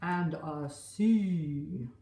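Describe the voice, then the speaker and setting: A woman voicing a rowdy male pirate crew in a storybook reading, cheering loudly. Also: deep voice, drawn-out words, voice pushed down, heavily acted. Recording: roomy, from a distance.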